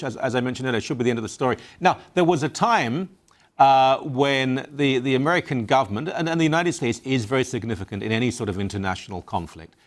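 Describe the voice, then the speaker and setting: A man hosting a talk radio interview, asking assertive, opinionated questions. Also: mid-range voice. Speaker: radio talk show host.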